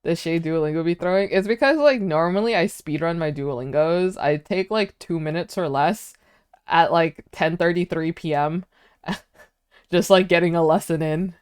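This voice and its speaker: A woman streamer talks her way through a language lesson, playful and chatty as she sounds out words. Her voice is smooth and clear, a little on the low side. She speaks slowly into a close, dry mic. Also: no room sound. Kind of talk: casual livestream chat during a language lesson.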